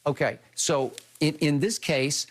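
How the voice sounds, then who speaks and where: An older man holds forth as a sports debate host, his voice sitting a little high for a man. He builds his argument step by step, emphatic and insistent, and keeps checking for agreement with rhetorical questions. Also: measured pace.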